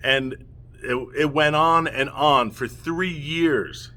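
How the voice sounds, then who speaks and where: A man's voice: a little high, slow, pushed and bright. A middle-aged man delivers an impassioned, emotional rant straight to the camera as a father, heated and pleading, often checking in with "okay?". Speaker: father speaking out against family courts.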